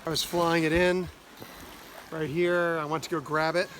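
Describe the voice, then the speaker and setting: A man hosting a sailing vlog. He talks casually in a relaxed way and explains things plainly. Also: fairly high pitch, normal speed, a little hiss or hum, low-quality recording. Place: outdoors on a sailboat at sea.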